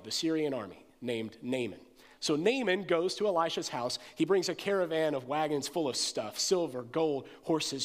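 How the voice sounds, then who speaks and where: A man preaching a sermon, an animated storyteller who acts out the voices of the people in the story. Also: on the high side, big-room sound. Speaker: pastor. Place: church sanctuary.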